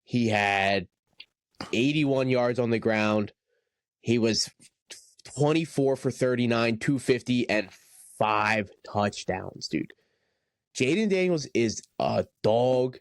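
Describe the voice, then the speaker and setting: An excitable young man in a loose sports chat, full of slang. His pitch sits in the ordinary middle range. The sound is close and dry. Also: takes it slowly, no echo. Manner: excitable, slangy, says "dude" a lot. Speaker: podcast co-host.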